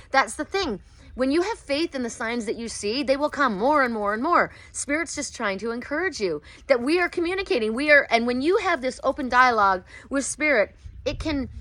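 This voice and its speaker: A middle-aged woman speaking outdoors, her voice a little high and very bright and forceful. She retells her readings in a casual vlog style and keeps jumping up into thrilled, high-pitched exclamations. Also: no room sound. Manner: bursts into high excited exclamations while retelling. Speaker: oracle card reader.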